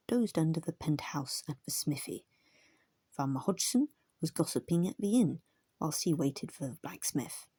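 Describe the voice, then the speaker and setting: A woman narrating a classic storybook in a soft, hushed reading. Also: low-pitched, husky, dry recording. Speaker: audiobook reader.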